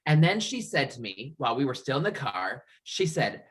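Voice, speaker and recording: At a normal speed with few pauses, this thirty-something Niagara man recounts coming out during an interview, his voice sitting in the mid range. He laughs frequently and brings the story alive by performing other people's lines.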